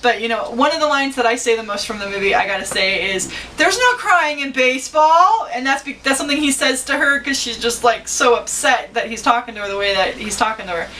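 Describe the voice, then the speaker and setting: Chatty mom, bright voice, far from mic. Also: female voice, medium pitch, a little hiss or hum. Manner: chatty and rambling, acts out movie lines in put-on voices. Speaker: mom reviewing a movie with her daughter. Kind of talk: casual chat.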